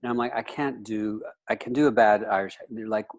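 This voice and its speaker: A man's voice: fairly low pitch, steady tone, fairly quick. A man in his fifties from the United States, a guest in a casual interview who rambles and leans on "you know" fillers.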